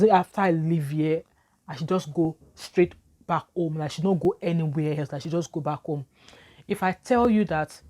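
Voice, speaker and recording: A woman's voice: deep voice, mellow. A woman with a Nigerian English accent, telling a storytime vlog in an emphatic, repetitive way. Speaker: vlogger.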